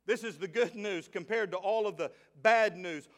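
A pastor with a Southern US accent delivers a lively sermon in a high voice at normal speed, with hardly any pauses. He drops into quiet asides and jokes, then builds up to shouted praise.

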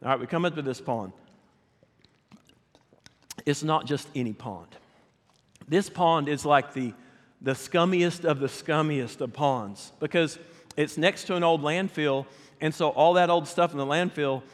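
Guy preaching, fairly high voice, telling stories and asking the crowd stuff, big church reverb. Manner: animated, addresses the congregation directly. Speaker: pastor. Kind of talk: storytelling sermon. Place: church sanctuary. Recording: long reverb of a church hall.

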